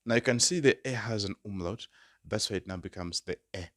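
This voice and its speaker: A man tutoring a language lesson, patiently repeating each word slowly for learners. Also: fairly low pitch, a bit bright, dry recording, studio quality. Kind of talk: spoken lesson.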